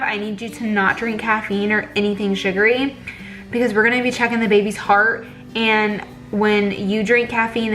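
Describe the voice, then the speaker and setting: A woman's voice: medium pitch, sharp tone, poor audio. A young pregnant woman, chatting casually in a vlog and retelling a bad appointment with lots of fillers. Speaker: vlogger.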